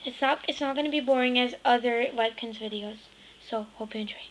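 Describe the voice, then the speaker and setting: A woman's voice: a little high, fairly quick, slight background noise, low-quality recording. A female speaker clowning through a homemade comedy skit, giggly and goofy, now and then breaking into silly sing-song. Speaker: home video maker.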